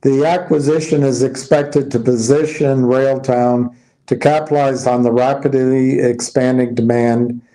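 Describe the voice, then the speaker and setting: A man's voice: mid-range voice, steady tone, a little slow, dark tone, rough recording. A man giving casual stock market commentary, reading headlines aloud and musing over them in a loose, tired way. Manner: loose, restarting sentences, tired and yawning.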